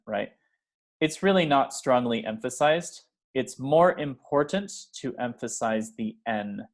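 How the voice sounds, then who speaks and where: A male teacher leads a pronunciation lesson and says each example phrase slowly and carefully. He often stops to check in with the listener, and his voice sits at an ordinary middle pitch. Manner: checks in with "okay?" and "right?".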